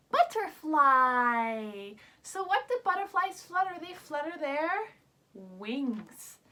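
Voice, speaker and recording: A woman's voice: high voice, fairly bright tone. A young woman leading a children's yoga lesson in an upbeat, sing-song way, coaxing small kids along.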